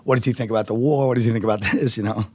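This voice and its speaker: A man from Brooklyn, a comedian guest, telling stories in an animated, rambling way and laughing often. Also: on the low side, rapid-fire, breathy edge, dry recording. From Brooklyn, New York. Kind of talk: casual interview storytelling.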